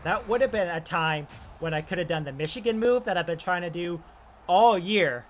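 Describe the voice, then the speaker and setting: A man's voice: sits high, moderate pace, a little hiss or hum. Man calling video game hockey. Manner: excited and loud on shots and scoring chances, calmer asides between plays. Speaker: YouTuber doing play-by-play of his own hockey video game. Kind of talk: play-by-play commentary.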